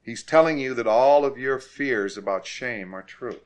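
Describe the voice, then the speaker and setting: A male preacher leads his listeners through scripture and calls on them to read aloud. He talks in a plain middle register, and he builds to forceful, repeated declarations when he drives a point home. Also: medium pitch, normal speed. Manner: emphatic, rises to forceful repetition. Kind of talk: sermon.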